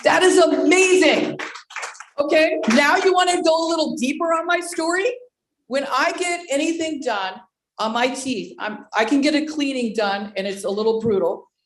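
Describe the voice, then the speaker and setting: A woman in her sixties giving an animated personal testimony on a team video call, exclamatory and speaking straight to her listeners. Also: sits high, normal speed, reverberant, slight background noise, rough recording. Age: 60s. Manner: excitable, exclamatory, addresses listeners directly. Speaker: presenter at a network marketing team call.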